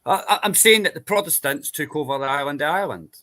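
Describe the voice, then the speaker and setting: A man's voice: on the high side, animated, fast, pushed and bright. A Scottish man in casual chat, rambling through long explanations and checking in with tag questions. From Scotland. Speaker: panel guest.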